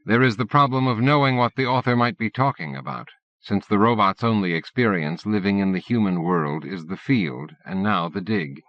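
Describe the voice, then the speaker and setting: A man reading an audiobook in a steady, measured narration. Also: fairly low pitch, dry recording. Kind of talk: scripted narration. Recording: dull dry cassette-era audiobook recording.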